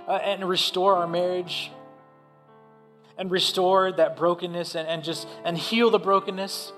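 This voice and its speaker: A man giving a heartfelt personal testimony in a church service, with halting restarts. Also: high voice, fairly bright tone. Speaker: church speaker.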